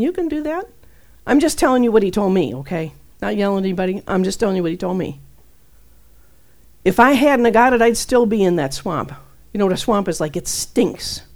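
A middle-aged woman preaching a fervent, folksy sermon that swings between loud declarations and hushed asides. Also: mid-range voice.

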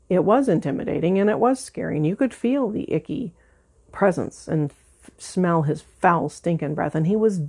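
A woman's voice: mid-range voice, creaky, dark tone, husky. A woman pastor giving an earnest, conversational sermon, stressing points by repeating words.

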